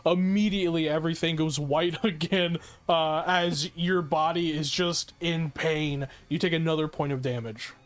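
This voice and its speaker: Game master narrating with many ums. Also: male voice, a little high, steady tone, moderate pace, few pauses. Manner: uses many fillers, vivid narration.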